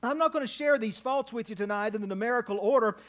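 A man preaching an evening sermon in a church, his delivery rising to loud, emphatic cries. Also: extremely high pitch, quick pace. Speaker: pastor.

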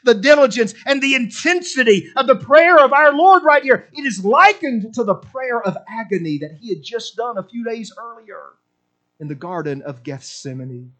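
A man preaching a sermon with passion, swinging between loud exclamations and low, quiet asides in a repetitive, emphatic cadence. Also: lively intonation, moderate pace.

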